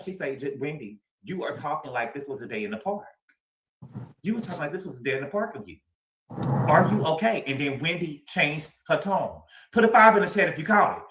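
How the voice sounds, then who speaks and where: A man's voice: fairly high pitch, a bit bright, reverberant. A man hosting a livestream, recapping reality TV in a sassy, dramatic way and repeating his lines for emphasis. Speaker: livestream host. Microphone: streaming mic.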